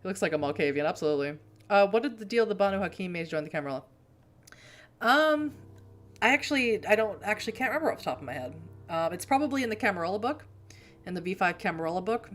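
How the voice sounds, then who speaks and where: A woman's voice: mid-range voice, expressive, fast talker. A woman from Boston, a streamer, chatting casually with rambling asides while reading a game aloud. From Boston, USA.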